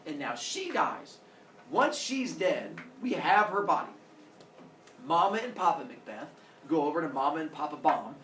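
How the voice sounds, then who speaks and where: A male teacher telling a story to his class in an animated way, acting out characters with sound effects. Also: on the high side, moderate pace, a little hiss or hum. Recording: echoey classroom from far off.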